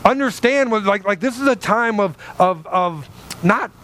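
Guy preaching a sermon, pretty high voice, talks to the room like "guys", gets fired up. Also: expressive, normal speed, a bit bright, a little hiss or hum, rough recording. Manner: fervent, conversational, addresses listeners as guys.

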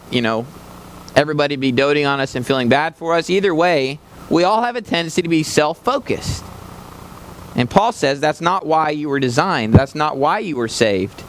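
Speaking straight to the congregation, a male missionary delivers a passionate sermon that climbs to emphatic highs. His voice sits at medium pitch, and the recording carries slight hiss or hum.

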